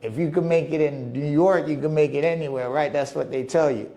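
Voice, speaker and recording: A man hosting his own podcast, talking casually in a monologue and acting out quoted visitors with lively restarts. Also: fairly high pitch, fairly quick, vocal fry. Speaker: podcast host. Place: living in the Dominican Republic.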